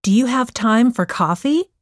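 A woman's voice: fairly high pitch, expressive, unhurried, no room sound, studio quality, pitched above the performer's own voice. A woman voicing a cheeky teenage troublemaker boy in a storybook reading, breezy and teasing.

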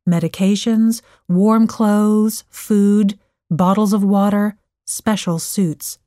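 A woman narrating a story in a clear, measured way. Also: mid-range voice, fairly even intonation, warm tone, no echo, studio quality. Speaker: audiobook narrator.

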